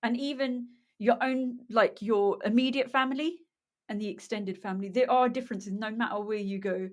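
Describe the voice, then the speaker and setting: A woman's voice: on the high side, fairly even intonation, normal speed. A woman in her thirties, co-host of a casual podcast, whose first language is Punjabi. She talks in a loose, chatty way, often stopping mid-sentence to look for a word and laughing it off. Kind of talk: casual chat.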